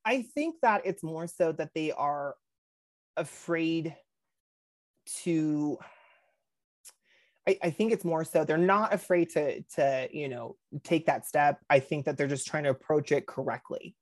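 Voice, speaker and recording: A man's voice: a little high, unhurried, no room sound. A man co-hosts a casual podcast, spinning stories with playful acted-out dialogue and constant laughter. His voice is recorded close and dry, with no room sound around it. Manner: animated storyteller acting out quotes, laughs often. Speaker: podcast co-host. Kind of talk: casual chat.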